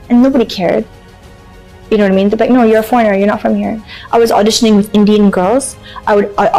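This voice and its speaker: A young woman from Canada telling her life story in an interview, animated and emotional, acting out what people said. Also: fairly high pitch, poor audio. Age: young adult. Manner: animated, emotional, acts out quotes. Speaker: interview guest. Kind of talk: personal storytelling.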